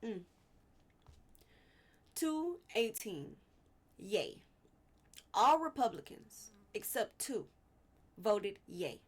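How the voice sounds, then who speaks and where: A woman's voice: mid-range voice, very animated, extremely slow, long pauses. A woman hosting a casual commentary vlog, exasperated and rambling, with frequent restarts and apologetic asides. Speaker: vlog host.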